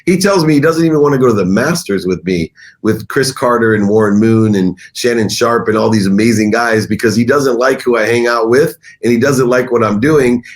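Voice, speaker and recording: A middle-aged man, a guest on an interview show, telling his story in conversation with an emphatic, animated delivery. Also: mid-range voice, brisk, few pauses.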